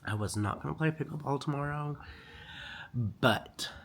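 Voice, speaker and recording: A man's voice: medium pitch, measured pace, gravelly, fairly bright tone, slightly rough. A man chatting casually in a vlog, a boutique owner telling stories in a sassy way, coughing now and then while under the weather.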